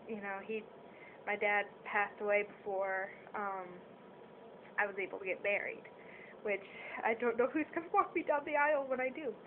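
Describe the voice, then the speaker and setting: Young woman rambling on a tinny phone recording. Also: mid-range voice. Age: young adult. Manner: rambling and apologetic, with many fillers. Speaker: vlogger. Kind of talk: casual chat to camera. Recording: tinny phone-quality audio with faint hiss.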